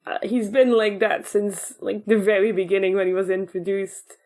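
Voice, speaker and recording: A woman's voice: mid-range voice, flat delivery, moderate pace, dark tone. A woman co-hosting a podcast in casual chat, chatty and laughing at her own jokes. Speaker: podcast co-host.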